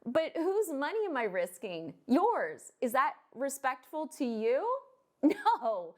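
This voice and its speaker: A woman's voice: high voice, big pitch swings, takes it slowly. Blunt, fired-up woman loan officer ranting. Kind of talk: ranting vlog to camera.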